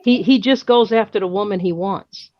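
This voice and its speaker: A woman's voice: medium pitch, moderate pace, no echo. A woman with a New York accent in casual chat, talking emphatically and repeating words when she gets going. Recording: dull lo-fi sound.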